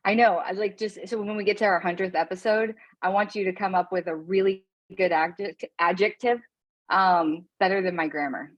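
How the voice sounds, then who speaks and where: A woman's voice: medium pitch, fairly even intonation, moderate pace, dull audio. A woman co-hosting a podcast, chatty and teasing, with lots of fillers. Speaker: podcast co-host. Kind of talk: casual chat. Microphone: phone.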